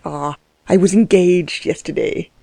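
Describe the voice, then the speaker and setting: A woman's voice: lowish voice, unhurried, creaky, dark tone, no room sound. An insolent, dismissive male lawyer, voiced by a woman reading aloud from a storybook. His replies come out short and clipped, and the recording is dry and close. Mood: curt. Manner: curt and offhand. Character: insolent middle-aged male lawyer, offhand.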